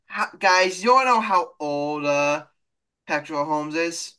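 A man's voice: fairly high pitch, unhurried, pushed and bright, clean tone. A man co-hosting a sports podcast, arguing emphatically in casual debate and often repeating and restarting his phrases.

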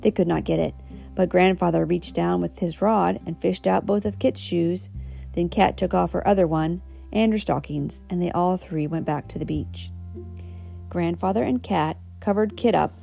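Gravelly, mellow woman reading a storybook. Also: lowish voice, moderate pace, faint music behind. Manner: homely, with asides and self-corrections. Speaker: reader. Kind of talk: reading a children's storybook aloud.

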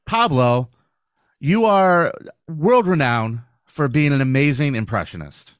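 A man's voice: fairly high pitch, lively intonation, a little slow, no room sound. A male stand-up comic hosting a podcast interview, easygoing with dry asides. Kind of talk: casual interview. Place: podcast studio.

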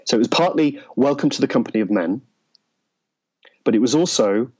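A man, an interview guest, telling a personal story in a reflective, halting way with frequent restarts. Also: mid-range voice, lively intonation, a little mellow, slightly rough, muffled recording. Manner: halting, searching for words, many restarts.

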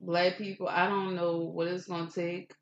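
A woman's voice: on the low side, little pitch movement, normal speed, slight background noise. Fiery, foul-mouthed woman co-host mid-rant; roomy, muffled lo-fi audio. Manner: profane, fiery, confrontational. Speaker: podcast co-host. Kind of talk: heated rant on a podcast. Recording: roomy, dull lo-fi room sound.

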